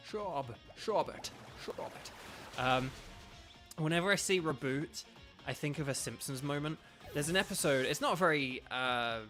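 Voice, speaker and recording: A man's voice: a little high, a bit bright. A man streaming a video game, chatting casually and rambling as he reads viewer comments aloud. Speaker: streamer and voice actor.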